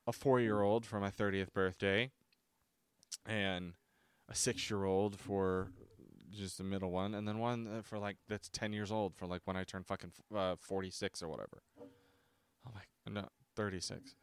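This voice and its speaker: Low, smooth-voiced rambling young man. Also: steady tone, normal speed, no echo. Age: 20s. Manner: rambling, swears freely, self-mocking. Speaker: vlogger reviewing drinks. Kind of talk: casual chat to camera.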